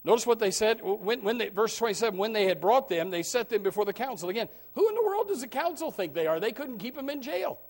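A man preaching a sermon, swinging from loud, emphatic preaching to low, quiet asides, often calling out amen and repeating words as he starts his sentences. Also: sing-song, quick pace, few pauses. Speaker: pastor.

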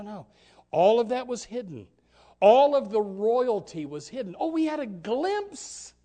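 A man delivering an impassioned sermon in a high, sing-song voice that climbs and falls all over. He swings from near-shouts to hushed, quiet lines and often stumbles over repeated words at the start of a phrase. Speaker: preacher.

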